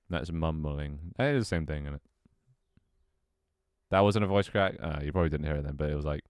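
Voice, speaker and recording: A man's voice: low voice, fairly bright tone, clean tone, no room sound, studio quality. A man streaming a game and chatting casually, rambling, swearing freely and reacting to his chat. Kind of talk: casual gameplay livestream commentary.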